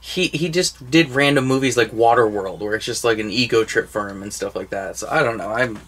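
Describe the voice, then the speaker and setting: A man's voice: medium pitch, a little fast, fairly bright tone, slightly rough. A young man co-hosting a casual movie collection video, talking enthusiastically and rambling, with casual swearing. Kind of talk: casual chat.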